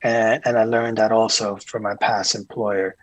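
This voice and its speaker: A man being interviewed as a guest, a tour manager telling calm, earnest stories with frequent restarts. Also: on the low side, normal speed, dry recording, poor audio. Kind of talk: casual interview chat.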